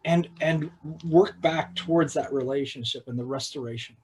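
A man preaching a sermon in a halting way, with repeated words and restarts, at times dropping to a hushed, slow voice for emphasis. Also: a little high, slightly rough, poor audio. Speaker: pastor.

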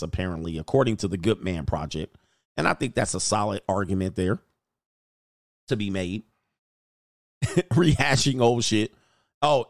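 A man's voice: on the low side, no echo, studio quality. A man, hosting a casual livestream about dating, joking, laughing often and swearing freely. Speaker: dating coach streamer.

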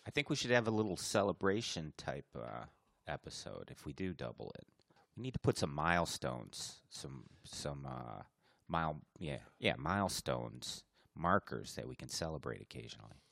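A male podcast co-host with a very low voice that rises and falls animatedly. He talks in a chatty, joking way, recorded dry and close. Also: sing-song, normal speed, vocal fry, a bit bright, no room sound. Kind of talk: casual podcast chat.

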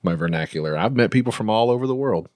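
A man's voice: fairly low pitch, expressive, quick pace, a little mellow, dry recording, clean studio sound. A man from Arkansas, a guest on a casual comedy podcast making blunt, crude wisecracks.

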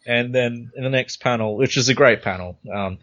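A man's voice: mid-range voice, normal speed, fairly bright tone. A man hosting a casual comic book chat, easygoing, walking through the panels step by step. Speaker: podcast host. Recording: dull lo-fi recording.

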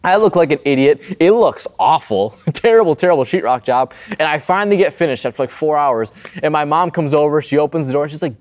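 Pastor, male, young adult, higher-pitched voice, easygoing conversational sermon delivery. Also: lively intonation, fairly quick, darkish tone. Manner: conversational, often adds "right?".

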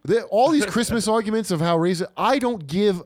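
A man's voice: high voice, animated, brisk. A man co-hosting a comedy chat, talking in a loose, profane and rambling way, often over the others. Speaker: comedian co-host. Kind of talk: casual podcast banter.

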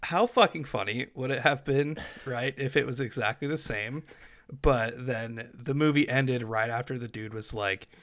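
Joking male co-host, profane, bright voice, casual podcast chat. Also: medium pitch, moderate pace. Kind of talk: casual film review chat.

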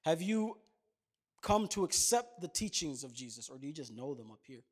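A man's voice: a little high, big pitch swings, normal speed. A man in his thirties preaching a sermon, chatting with the congregation in asides and then building to emphatic points. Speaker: pastor.

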